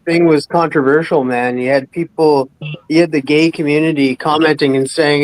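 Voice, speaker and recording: A man speaking in a relaxed, conversational way during a casual chat. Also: on the high side, moderate pace, no room sound, rough recording.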